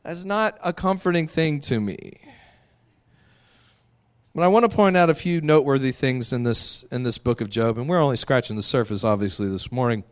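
A man's voice: medium pitch, moderate pace. Candid, laughing male pastor. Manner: candid and conversational, laughs often. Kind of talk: sermon.

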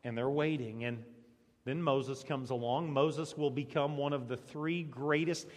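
A male pastor preaching a sermon as dramatic storytelling, swinging between loud passages and hushed ones. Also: mid-range voice, fairly even intonation, measured pace. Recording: long reverb of a large hall.

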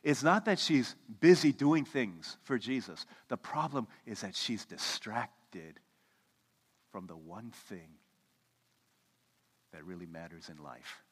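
A pastor in his thirties preaching a sermon, telling stories with sudden loud bursts and hushed, slow moments. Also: fairly low pitch, slightly rough. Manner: animated storytelling, swings from loud to hushed. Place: church sanctuary. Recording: long reverb of a church hall.

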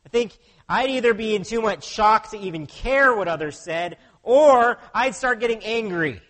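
A man's voice: high-pitched, moderate pace, sharp tone. A pastor preaching a sermon in an earnest way, often putting questions to his listeners.

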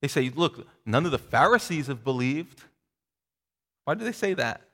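A middle-aged man preaching a sermon, reading scripture aloud and voicing its speakers with lifted pitch. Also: big pitch swings, moderate pace, bright, forceful tone. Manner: expository preaching, acting out quoted voices with a rising pitch. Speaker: pastor. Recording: long reverb of a large hall.

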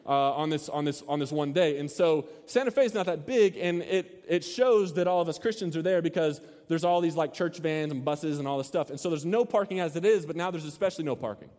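A man's voice: on the high side, brisk. A man preaching, telling a funny story and acting out the voices, in a large hall. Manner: storytelling, animated, acts out shouts. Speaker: pastor. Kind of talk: sermon with a story. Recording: long hall reverb.

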